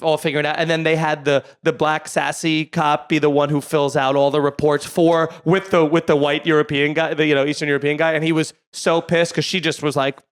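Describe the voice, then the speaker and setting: Animated storytelling man, higher voice. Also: a little fast, hardly any pauses, clean tone. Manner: animated storyteller, acts out quoted voices loudly. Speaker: comedian guest. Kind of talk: casual podcast storytelling.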